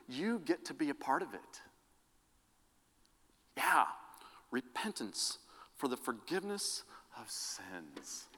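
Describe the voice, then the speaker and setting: A man's voice: fairly high pitch, a bit bright. A man preaching a sermon, telling personal stories earnestly and often restarting his sentences. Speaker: pastor. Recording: long reverb of a large hall.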